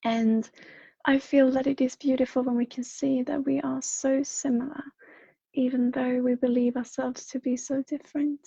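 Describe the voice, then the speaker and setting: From Sweden, this intuitive reader chats and reads out messages on her livestream while a bit under the weather. Her high-pitched voice is gravelly and husky, delivered flatly at a normal speed over a home streaming microphone with no echo and clipped highs. She rambles gently, peppering her talk with fillers and quiet laughter.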